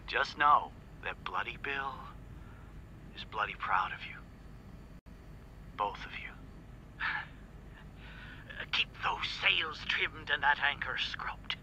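A man's voice: on the high side, sharp tone, slight background noise, exaggerated voice, low-quality recording. An actor playing a goofy dad who puts on a hammy pirate king voice for a recorded tape message. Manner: theatrical pirate talk, laughing, rolling.

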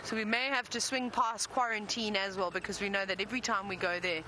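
A woman hosts a live safari drive from an open vehicle in the wind, chatty, enthusiastic, and self-deprecating. Her mid-range voice moves fairly quickly with fairly even intonation.

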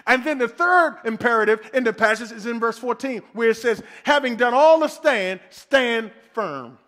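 A pastor delivering a sermon, preaching emphatically with lots of repetition and call and response. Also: male voice, very high-pitched, fairly bright tone.

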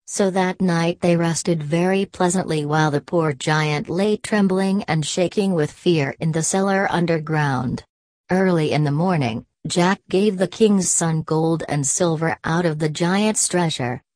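A woman narrating a bedtime audiobook in a slow, soothing, even reading. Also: low-pitched, no echo.

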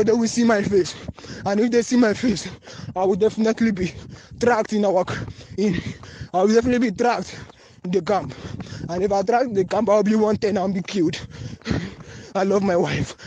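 On a phone voice recording, an unnamed caller with a Nigerian English accent pleads urgently, repeating himself. His voice is high-pitched, yet dark in tone and husky.

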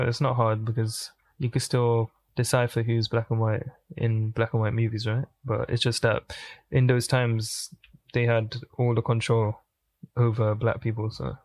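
A man hosting a music reaction, thinking aloud in casual commentary with pauses and restarts. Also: mid-range voice, darkish tone, no echo. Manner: thinking aloud, musing and pausing.

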